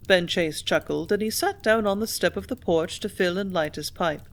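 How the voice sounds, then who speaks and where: A woman narrating an audiobook in a steady, even storytelling manner. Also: medium pitch, fairly quick, few pauses. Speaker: audiobook reader.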